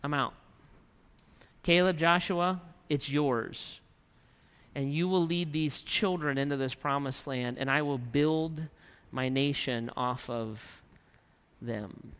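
A man's voice: fairly high pitch, slow pace, long pauses, fairly bright tone, clear, resonant tone. A man preaching a sermon, reading scripture aloud and then retelling it in his own emphatic words. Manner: reads scripture then paraphrases God's voice with emphasis. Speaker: pastor. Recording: reverberant hall.

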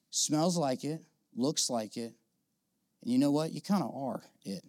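A man preaching a sermon in a casual, animated way, acting out the voices of the people in the story. His voice sits at an ordinary pitch. The sound is dry and close, with little room echo. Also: measured pace. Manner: conversational, animated, acts out quoted characters. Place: church auditorium with audience.

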